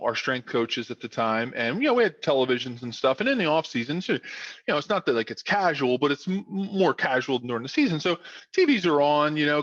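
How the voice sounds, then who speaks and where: A man's voice: medium pitch, no echo, lo-fi sound. A man, a former football player telling a rambling podcast story full of fillers. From South Philadelphia. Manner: rambling, animated with many fillers. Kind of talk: casual storytelling.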